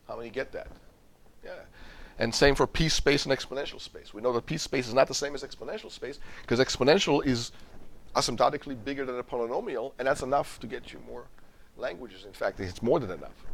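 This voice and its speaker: A middle-aged man lecturing as a university professor, emphatic, repeating and restarting words as he quizzes the class. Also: medium pitch. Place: lecture hall.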